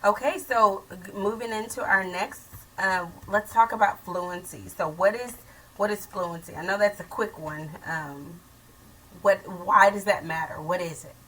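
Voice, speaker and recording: Chatty woman host, bright voice. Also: medium pitch, measured pace, distant mic, a little hiss or hum, low-quality recording. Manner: chatty, many fillers and asides. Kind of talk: casual talk show chat with parents.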